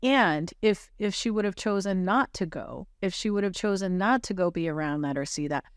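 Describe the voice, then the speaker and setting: A woman on a podcast telling a moving personal story in an earnest, halting way, with many fillers and restarts. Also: mid-range voice, smooth, no room sound, clean studio sound.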